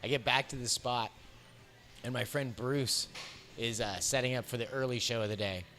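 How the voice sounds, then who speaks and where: An American comedian in his thirties spins a raunchy anecdote in a sitting-down interview. He talks in an animated, profane way, chuckling through the story at an ordinary man's pitch. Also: moderate pace, a little hiss or hum. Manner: animated, profane anecdote telling with frequent laughs. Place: bar.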